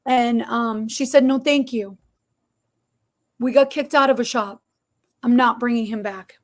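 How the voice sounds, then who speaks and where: A middle-aged woman, a podcast guest telling her story in an animated, expressive way. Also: a little high, unhurried, long pauses. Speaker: podcast guest, barber shop owner. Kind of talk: storytelling interview.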